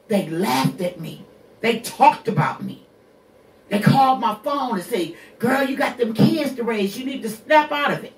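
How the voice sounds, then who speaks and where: A woman's voice: a little high, distant mic. Sixty-something lady on her radio show, swears a lot, asks the listener questions, roomy sound a bit off mic. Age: 60s. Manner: blunt, profane, preacherly, with rhetorical questions. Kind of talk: candid personal monologue.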